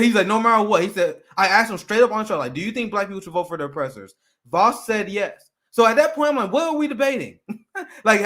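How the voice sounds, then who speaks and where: A man hosting a political panel show, talking in an animated, excited way, laughing often and repeating himself. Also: very high-pitched. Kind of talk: heated casual political discussion.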